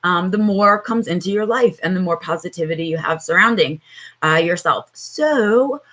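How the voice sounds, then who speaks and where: A tired woman hosts a casual morning livestream from home, talking straight into her computer mic. Her voice sits a little low and she fills her talk with ums as she greets viewers. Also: moderate pace, fairly bright tone. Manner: chatty, greets viewers by name, many fillers. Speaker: livestream host.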